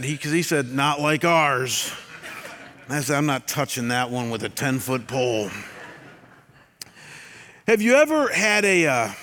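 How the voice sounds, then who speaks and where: An older man, a pastor preaching a sermon, telling stories with self-deprecating humor and swinging between loud bursts and quiet, earnest stretches. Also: a little high, a little hiss or hum. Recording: long hall reverb.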